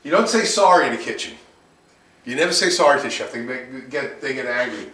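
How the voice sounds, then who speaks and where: Fairly quick and animated, this man's mid-range, fairly bright voice delivers a cooking lecture to a class. He's repetitive and keeps restarting his sentences, now and then switching to bold exclamations. The echoey room, distant microphone and faint hiss mark the recording.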